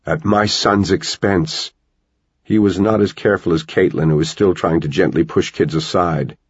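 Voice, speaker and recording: A man with a very low, husky voice narrates a novel in a measured storytelling way. He is close-miked in a dry space, and the recording is slightly dull. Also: a little mellow, no echo. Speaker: audiobook narrator. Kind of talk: scripted narration.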